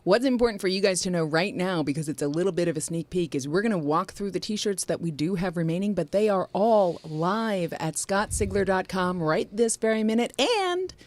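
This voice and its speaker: Low-voiced chatty woman co-host. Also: lively intonation, a little fast, hardly any pauses, darkish tone. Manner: chatty, explanatory, laughing easily. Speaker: podcast co-host. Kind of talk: casual chat.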